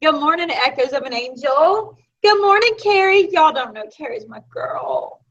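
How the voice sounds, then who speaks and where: A woman from Florida with a Southern American accent, co-hosting a casual live chat and telling stories in an animated, chatty way. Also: high-pitched, normal speed. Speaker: co-host of a live video chat. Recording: dull lo-fi sound.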